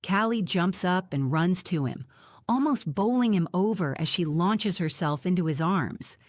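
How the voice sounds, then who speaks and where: Woman, audiobook narrator, first person, measured, deep for a woman, dry. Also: animated, dry recording.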